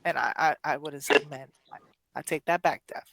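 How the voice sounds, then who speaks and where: A woman's voice: deep voice, brisk, vocal fry, fairly bright tone, no echo. A woman hosting a poetry podcast, speaking emotionally in casual chat, rambling with many restarts and self-corrections. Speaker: poetry show host.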